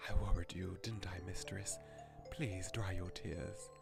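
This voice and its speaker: A proper male butler speaks low and formally, gently scolding his mistress, as a man voices him in a game. His delivery is measured and unhurried. Game music plays softly behind him. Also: steady tone, creaky, exaggerated voice.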